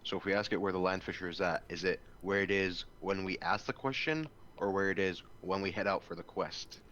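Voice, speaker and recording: A man's voice: deep voice, fairly quick, fairly bright tone, muffled recording, a little hiss or hum. A man playing a tabletop game who asks questions and thinks aloud hesitantly. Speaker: player. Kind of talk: casual chat during a tabletop game.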